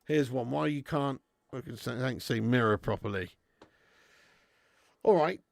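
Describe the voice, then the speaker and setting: A man's voice: mid-range voice, unhurried, creaky, no echo. A man hosting a live stream, bantering with viewers in casual, sweary chat and laughing often.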